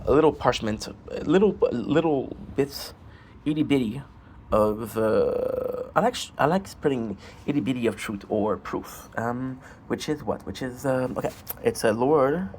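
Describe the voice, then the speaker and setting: A man's voice: medium pitch, a little mellow, a little hiss or hum. A man streaming and chatting casually, rambling and asking his chat rhetorical questions. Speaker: gaming streamer.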